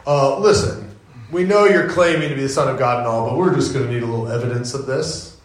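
A man doing low, smug skeptical Pharisees. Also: very echoey, natural voice. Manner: low, quick, dismissive.

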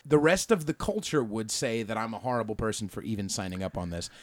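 A man's voice: fairly low pitch, quick pace, no room sound. A man co-hosting a podcast in casual banter, giggly and teasing. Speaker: podcast co-host.

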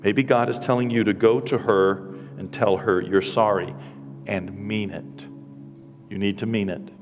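A man's voice: on the low side, fairly even intonation, moderate pace, big-room sound, over music. A man in his sixties preaching as a pastor in a church, earnest and emotional, with self-deprecating asides. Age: 60s. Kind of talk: sermon. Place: church sanctuary.

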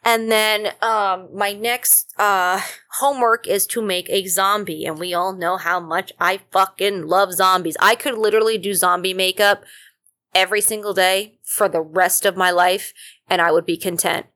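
A woman's voice: mid-range voice, steady tone, normal speed, sharp tone. A woman hosting a podcast, chatting casually and rambling with many fillers while feeling unwell. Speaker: podcast host. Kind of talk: casual chat.

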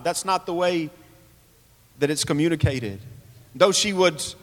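A man's voice: a little high, a little slow, pauses often, big-room sound. A man preaching a sermon, earnest, asking rhetorical questions and reading scripture aloud. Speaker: pastor.

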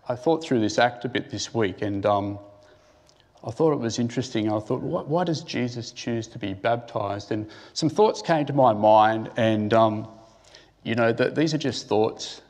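A man's voice: mid-range voice, a little mellow. A man giving a conversational sermon who asks his listeners questions and thinks aloud with restarts. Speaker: preacher.

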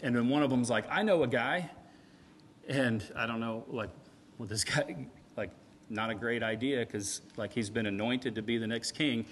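A man preaching a sermon in a conversational, animated way, swinging from loud emphatic peaks to quiet asides. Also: medium pitch, moderate pace, slight background noise. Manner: animated, conversational, with frequent "right?" and "like".

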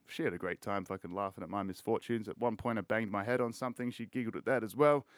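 An Australian man chats loosely on his podcast in a relaxed, meandering way, dropping swear words through nearly every sentence. His voice sits at an ordinary middle pitch. The sound is dry, with no room echo. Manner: rambling, swears constantly, laid-back. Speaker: podcast host. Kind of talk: casual chat.

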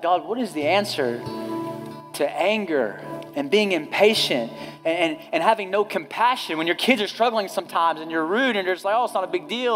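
A man in his thirties, a pastor, preaching a conversational sermon in a casual, direct way, often checking in with the congregation. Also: high voice. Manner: casual, direct, often asks "you know what I mean?". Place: church.

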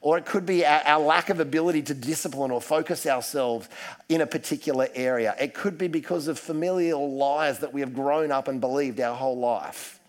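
A man's voice: on the high side, a little fast. A man preaching a casual, self-deprecating sermon full of asides. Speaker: pastor.

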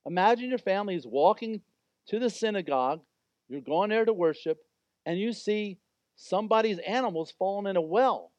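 A man's voice: sits high, expressive, normal speed, a little mellow, no echo, dull audio. A man preaching a sermon as pastor, talking in an informal, conversational and emphatic way.

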